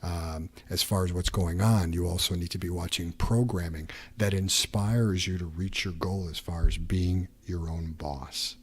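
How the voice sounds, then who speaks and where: A man with a fairly low, husky voice gives an earnest motivational talk as a podcast host. He coaches his listeners directly and speaks their inner doubts aloud. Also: steady tone, a little slow, hardly any pauses.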